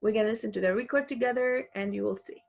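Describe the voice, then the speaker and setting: This female teacher has a fairly high, slightly mellow voice with some vocal fry. Teaching English in a recorded online lesson, she goes slowly and patiently, repeating every example and often dropping in fillers.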